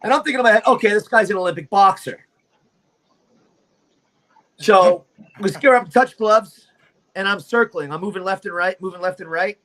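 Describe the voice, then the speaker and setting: Swaggering high-voiced man telling fight stories. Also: fairly quick, sharp tone, poor audio. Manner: profane, swaggering storyteller. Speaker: guest fighter and storyteller. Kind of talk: animated fight story on a livestream.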